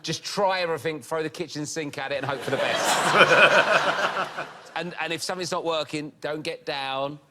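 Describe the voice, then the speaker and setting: A man's voice: a little high, normal speed, heavy background noise. A man on a comedy quiz panel, joking in an upbeat way and laughing between his lines. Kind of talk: jokey panel banter.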